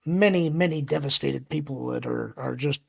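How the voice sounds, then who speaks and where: A co-host on a commentary show, speaking in a measured, thoughtful way with some stammered restarts. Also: mid-range voice, creaky, muffled recording, crowd noise. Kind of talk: analytical commentary chat.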